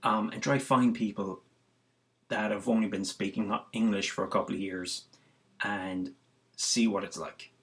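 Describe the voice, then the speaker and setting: Irish guy vlogging, lowish voice, rambles with lots of ums and uhs. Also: steady tone, measured pace, fairly bright tone. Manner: rambling, heavy on fillers and restarts. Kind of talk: casual musing monologue.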